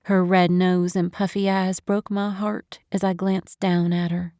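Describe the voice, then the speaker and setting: Female audiobook narrator, close studio mic, mellow dry sound. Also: fairly low pitch, no echo. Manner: expressive, measured storytelling. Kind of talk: scripted first-person narration. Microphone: studio microphone, close.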